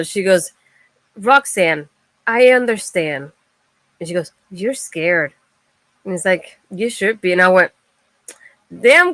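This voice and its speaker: A woman's voice: medium pitch, fairly bright tone, dry recording. A woman co-hosting a casual wrestling recap, enthusiastic and giggly, quoting her own reactions. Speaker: co-host.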